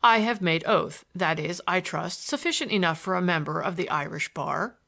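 A woman's voice: lowish voice, moderate pace, vocal fry, a bit bright. A woman voicing a stern, curt executor man. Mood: stern, indignant. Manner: curt, indignant. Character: stern, impatient male estate executor.

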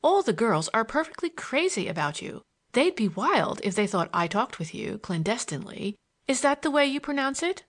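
A woman reader voices a teasing young woman in an audiobook, chattering mockingly and lightly at a quick, breathless clip. The character has a lively lilt, her voice leaping high and swinging widely between phrases.

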